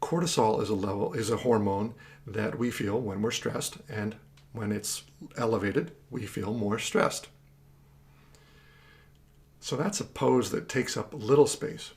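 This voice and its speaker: A man's voice: lowish voice, unhurried, long pauses, a little mellow. A man instructing a guided exercise, counting out rhythms with energy and explaining the reasons behind each step.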